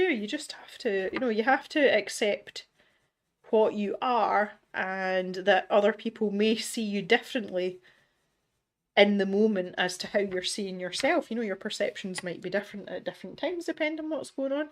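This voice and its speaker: A woman's voice: medium pitch, expressive, normal speed. A middle-aged Scottish woman hosting an art livestream from her home studio, chatting casually and self-deprecatingly, laughing often and restarting her sentences. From Scotland. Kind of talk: casual livestream chat reading viewer comments.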